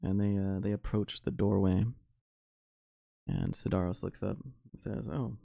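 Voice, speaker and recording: A man narrating a solo tabletop game as game master, unhurried and full of fillers. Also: low voice, monotone, vocal fry, warm tone, no room sound.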